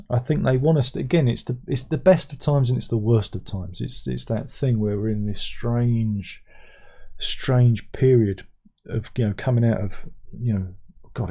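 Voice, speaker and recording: A man's voice: medium pitch, warm tone, slightly rough. A man hosting a casual livestream chat, rambling and sardonic, often restarting his sentences. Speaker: livestream host.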